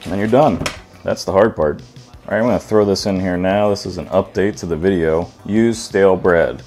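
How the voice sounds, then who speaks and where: A man's voice: sits low, normal speed, darkish tone, faint music behind. A man hosting a casual home cooking video, joking and irreverent as he walks through a recipe in his kitchen.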